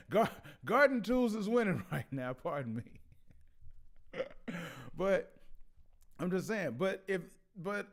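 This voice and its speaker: A man's voice: sits high, sing-song, takes it slowly, pauses often. A man hosting a casual commentary vlog who laughs often and stammers through restarts. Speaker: vlog host.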